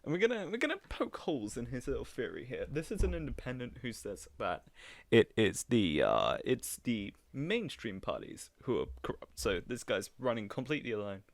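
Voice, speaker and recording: A man's voice: medium pitch, sing-song, moderate pace, vocal fry, no room sound. A man live-streaming casual reaction commentary, chatty and mocking, often laughing at what he watches.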